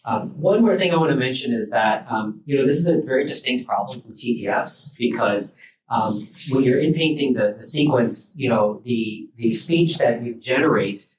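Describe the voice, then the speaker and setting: Male researcher at a workshop talk, halting delivery, roomy and distant mic with faint noise. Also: mid-range voice. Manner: loose and halting, many fillers and restarts. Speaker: university researcher giving a talk. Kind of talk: technical lecture. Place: lecture room at a workshop.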